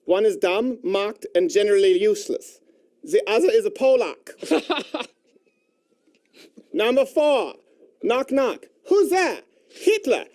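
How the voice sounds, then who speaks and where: Lively, high-voiced man hosting a comedy show. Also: slow, pauses often. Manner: sarcastic, playful, hosting. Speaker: host. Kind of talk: casual comedy banter.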